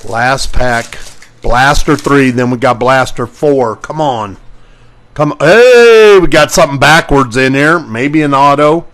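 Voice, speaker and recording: A man's voice: mid-range voice, measured pace, a bit bright. A man hosting a live sports card break, calling out player names as he opens packs and greeting viewers by name.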